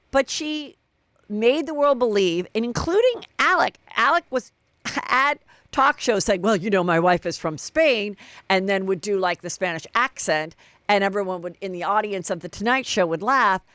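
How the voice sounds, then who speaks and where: A woman's voice: mid-range voice, expressive, normal speed, fairly bright tone, dry recording. Chatty woman hosting a gossip podcast. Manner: chatty, gossipy, acts out quotes. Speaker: podcast host. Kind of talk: solo celebrity gossip podcast.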